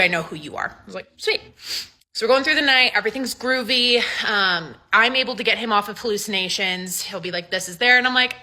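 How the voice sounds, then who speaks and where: Bright-voiced chatty woman nurse. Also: medium pitch. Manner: chatty, animated, many fillers and quoted dialogue. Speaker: ICU nurse. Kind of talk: casual storytelling.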